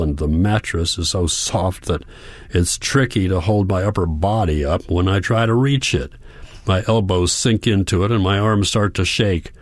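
A man calmly narrating a first-person audiobook in a measured way. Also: low voice, dry recording.

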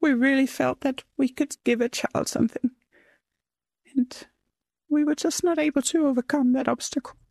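A middle-aged woman being interviewed about becoming a mother, speaking in a halting, emotional, reflective way. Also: high-pitched, fairly even intonation, gravelly, a little mellow, no echo, studio quality. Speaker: interviewee, mother of a donor-conceived child.

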